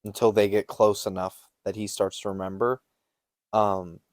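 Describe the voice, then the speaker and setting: A young man co-hosting a podcast in casual chat, animated and laughing, acting out what people said. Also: fairly low pitch, moderate pace, no echo, studio quality. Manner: animated, laughing storyteller who acts out quotes. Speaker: podcast co-host.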